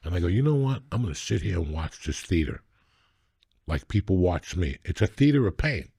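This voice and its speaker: A man's voice: low-pitched, very animated, a little fast, gravelly, mellow, slightly rough, no room sound, studio quality. A middle-aged man, a comedian hosting a podcast, telling raw and profane stories in casual chat.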